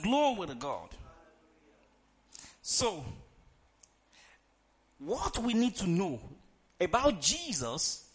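A male preacher, delivering an emphatic sermon, reading scripture dramatically and urging the congregation to answer out loud. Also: high-pitched. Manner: emphatic, calls for congregation responses; reads scripture aloud in a dramatic tone.

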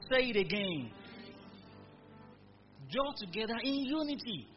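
A man's voice: sits high, sing-song, measured pace. A man preaching a sermon in church, calling on the congregation to repeat his words. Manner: emphatic call-and-response preaching. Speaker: pastor. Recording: dull recording with music behind. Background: music.

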